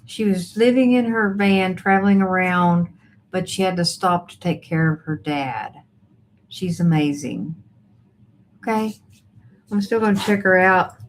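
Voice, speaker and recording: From home, a woman hosts a casual livestream, reading viewer chat and greeting people by name as she chats. Her voice sits on the low side at a measured pace, with faint background noise in the recording.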